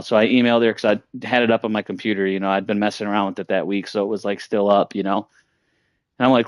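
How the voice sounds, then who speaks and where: A man with a low voice tells a story in a loose, rambling way, packed with fillers and swearing. He is close to the mic and the sound is dry. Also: fairly even intonation, brisk, clear, resonant tone, dry recording. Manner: rambling and profane, with many fillers. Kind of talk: casual storytelling.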